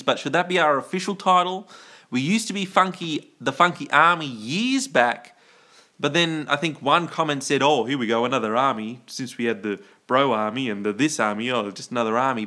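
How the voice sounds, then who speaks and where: A man from Australia hosting a live stream, with a bright, forward voice. He rambles playfully, trails off mid-thought and keeps restarting his sentences. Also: fairly high pitch. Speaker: livestream host.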